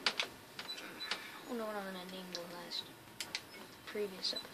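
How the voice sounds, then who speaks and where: A woman giving excitable, chatty, jokey let's play commentary over a game. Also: medium pitch, unhurried, background noise. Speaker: gamer.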